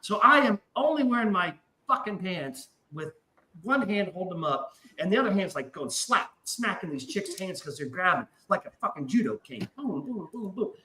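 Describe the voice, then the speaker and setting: A man's voice: high-pitched, moderate pace, echoey room, poor audio. A man casually telling a wild story, swearing often and acting out the voices of the people in it. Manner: animated, profane, acts out voices in his story. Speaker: podcast guest.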